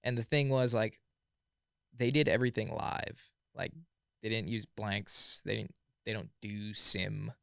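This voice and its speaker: Gravelly laid-back man from Southern California. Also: lowish voice, measured pace, a bit bright, no echo, clean studio sound. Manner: laid-back, full of "like" and "yeah, yeah, yeah". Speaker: podcast guest. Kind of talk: casual storytelling chat.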